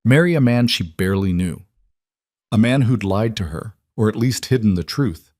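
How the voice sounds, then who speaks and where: A man narrating a scripted story in an even, measured way. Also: fairly low pitch, no echo, clean studio sound.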